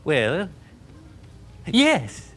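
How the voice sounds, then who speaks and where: Kindly king dad, lowered voice, unhurried and lilting, put on by a woman on stage. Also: huge pitch swings, fairly bright tone, heavily acted. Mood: fatherly. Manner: slow, measured fatherly instructions. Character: doting slow-spoken king father. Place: live children's stage show.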